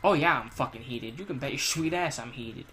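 A man's voice: mid-range voice, fairly quick, fairly bright tone, slight background noise. Profane ranting man playing a game. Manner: profane, ranting and crude joking. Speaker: gamer. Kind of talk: let's play commentary.

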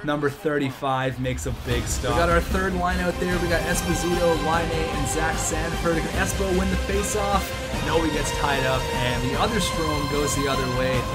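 A fairly high-voiced man commentates his own hockey video game with quick, excitable energy. He bursts into shouts at the big plays. Faint music plays behind him. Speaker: gaming YouTuber. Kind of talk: gameplay commentary.

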